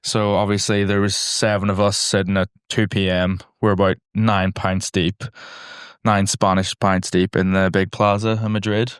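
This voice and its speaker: A man's voice: fairly low pitch, moderate pace, smooth, dry recording, studio quality. Man telling a rowdy story. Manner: animated storyteller, shouts quoted lines. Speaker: podcast co-host. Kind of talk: casual chat.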